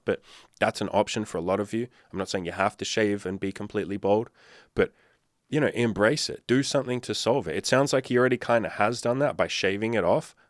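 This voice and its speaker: Man, blunt dating coach, low voice, dry recording. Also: dry recording. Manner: blunt, swears freely. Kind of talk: casual commentary to camera.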